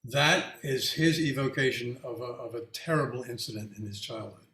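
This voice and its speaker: A man's voice: medium pitch, pushed and bright, echoey room. A man, a featured artist, talking reflectively and casually with an audience, often restarting his sentences and laughing through his anecdotes. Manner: halting with many restarts, laughs while telling anecdotes.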